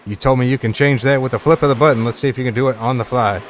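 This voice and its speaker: A man's voice: mid-range voice, steady tone, racing, slight background noise. A man commentating a live sim racing stream in a casual, chatty way, reading viewer chat aloud between points updates.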